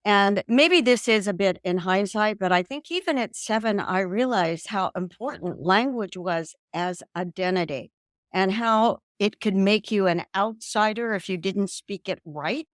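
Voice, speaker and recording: A woman's voice: mid-range voice, measured pace, dry recording, studio quality. An older woman from the American South, telling her story as an interview guest over a video call. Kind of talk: casual interview talk.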